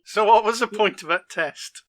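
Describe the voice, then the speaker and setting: A man's voice: high voice, normal speed, crowd noise. A man playing in a tabletop game with dry jokes. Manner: dry, joking. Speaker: player. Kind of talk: casual chat at a game table.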